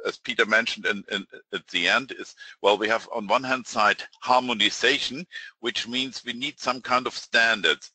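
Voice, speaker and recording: A man moderating a panel discussion, measured and hesitant, with frequent fillers. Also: on the low side, sharp tone, no room sound, poor audio.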